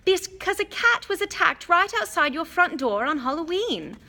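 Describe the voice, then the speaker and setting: A woman reading an audiobook, voicing a clever, earnest schoolgirl who talks briskly and with curiosity. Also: extremely high pitch, very animated, bright, forceful tone, pitched above the performer's own voice, full character voice.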